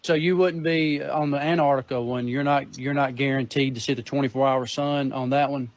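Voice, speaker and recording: A man's voice: medium pitch, steady tone, brisk, no echo. Curious man asking questions.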